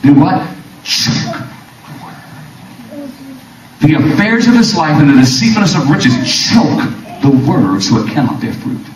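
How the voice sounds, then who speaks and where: A man preaching a fiery sermon, swinging from shouts to hushed lines and repeating words as he builds. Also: a little high, very animated, unhurried, pauses often, background noise. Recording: very echoey room, mic far off.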